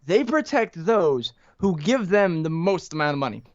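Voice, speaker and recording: A man's voice: fairly high pitch, very animated, normal speed. A man co-hosting a podcast who keeps up dry sarcastic jokes and laughs often. His mic sounds dull and lo-fi. It is dry and close, with no room echo. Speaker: podcast co-host. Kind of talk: casual chat.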